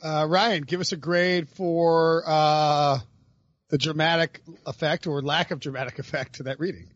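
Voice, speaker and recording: A man hosting a podcast, talking in a rambling, animated, self-interrupting way. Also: a little high, measured pace, no room sound, highs cut off. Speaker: podcast host. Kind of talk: casual chat.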